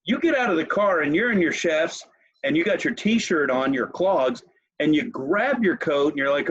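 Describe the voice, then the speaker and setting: Husky man telling a profane story. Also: a little high, animated, normal speed, a bit bright, dry recording, muffled recording. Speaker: podcast host. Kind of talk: casual chat.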